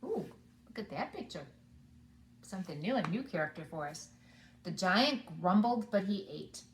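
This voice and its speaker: Animated preschool teacher reading aloud. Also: female voice, medium pitch, normal speed, echoey room, background noise. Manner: animated, asks the children along. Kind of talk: storybook reading for children.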